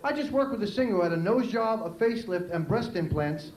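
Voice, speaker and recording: A man with a New York accent performing a stand-up comedy routine on a club stage, delivering jokes punchily and shouting out his character bits. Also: high voice, expressive, a little fast. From New York City. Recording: echoey club with crowd noise.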